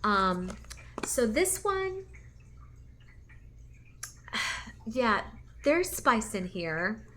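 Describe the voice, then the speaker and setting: A woman's voice: fairly high pitch, very animated, extremely slow, sharp tone. A woman hosting a casual review chat, gushing to her viewers with lots of fillers. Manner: chatty and gushing, many fillers, talks straight to viewers. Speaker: candle and wax melt channel host.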